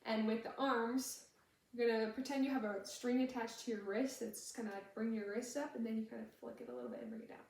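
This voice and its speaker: A woman's voice: on the high side, steady tone, fast, vocal fry, darkish tone. A young woman teaching a dance routine step by step, patiently explaining each move while she demonstrates. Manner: patient, explains moves while demonstrating, sometimes hums the tune. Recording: echoey room, voice from far off the mic.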